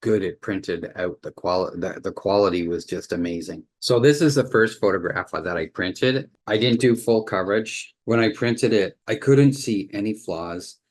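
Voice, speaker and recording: A man's voice: lowish voice, normal speed, hardly any pauses. A man casually showing off his home photo prints, rambling and restarting his sentences, plainly impressed. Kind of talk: casual home video walkthrough.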